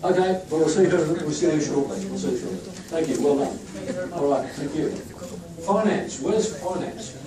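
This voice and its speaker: A man whose voice is a little high speaks at a moderate pace, joking and chatting as the institute's leader presenting staff to a crowd at a staff event. The sound is echoey, picked up by a distant mic, with crowd noise in the background.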